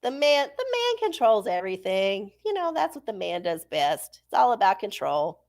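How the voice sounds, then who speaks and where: A woman's voice: mid-range voice, big pitch swings, moderate pace, darkish tone. A woman hosting a live stream, chatting casually and profanely with her viewers and laughing often. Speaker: livestream host. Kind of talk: casual live-chat talk.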